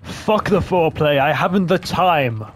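Young man, slow drawl, high-ish voice, loud game noise behind. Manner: laughing, calling mates lad. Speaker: gamer. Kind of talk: casual gaming banter.

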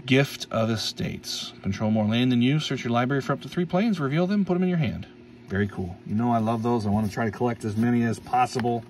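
A card-opening YouTuber, sitting a little back from the mic, chats playfully and fast in a mid-range, darkish voice as he tears open packs and reads out his pulls. He stumbles over names and laughs them off, with a faint room hum behind him.

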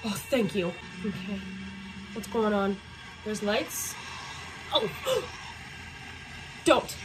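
A young woman hosting a reaction video, excitable and swearing, pleading with the characters on screen as she comments live. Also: mid-range voice, slow pace, over music.

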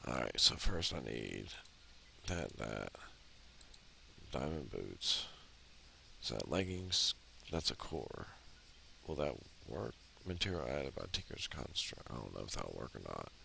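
A man's voice: very deep voice, sing-song, unhurried, gravelly, pauses often. A man giving casual, exasperated commentary while playing a video game, often grumbling and ranting. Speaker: let's play host. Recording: loud background noise.

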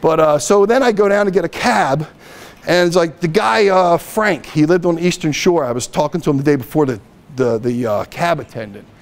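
A middle-aged man giving a poker lecture as a guest speaker, telling lively anecdotes and acting out the dialogue. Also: a little high, fairly quick. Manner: animated anecdotes, acts out dialogue. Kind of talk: storytelling lecture.

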